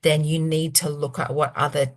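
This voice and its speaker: A woman's voice: deep voice, normal speed. A middle-aged woman, speaking frankly and with animation as an expert guest on a video call. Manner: frank, animated, self-deprecating asides. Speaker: physiotherapy researcher, webinar guest. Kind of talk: conversational expert Q&A.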